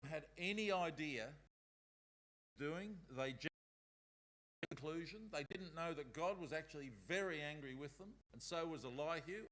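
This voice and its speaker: A man teaches a Bible school class in a relaxed, conversational way. He reads passages aloud between his own remarks. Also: on the high side, moderate pace.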